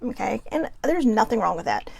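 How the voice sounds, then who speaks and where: A woman's voice: a little high, big pitch swings, brisk, gravelly, darkish tone, husky, no echo. A woman hosting a live oracle card reading, chatty and giggly, swearing freely and wandering off topic.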